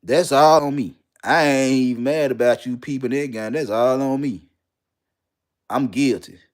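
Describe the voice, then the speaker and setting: A young man tells his own story in plain, unpolished talk. He is blunt and profane and hammers points home by repeating himself. His voice sits at an ordinary middle pitch. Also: measured pace. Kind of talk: candid personal storytelling.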